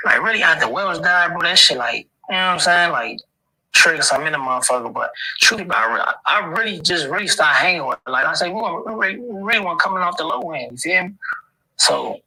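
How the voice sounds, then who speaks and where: In a casual street interview, a male guest talks in a laid-back, rambling way, constantly using slang fillers. His voice is on the high side, animated, brisk, sharp, and husky, and the recording is low quality.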